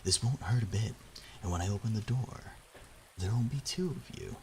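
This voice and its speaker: A man voicing a proud, fussy old male robot scientist, a little higher than his own voice, speaking emphatically. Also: moderate pace, darkish tone, slight background noise, lightly acted.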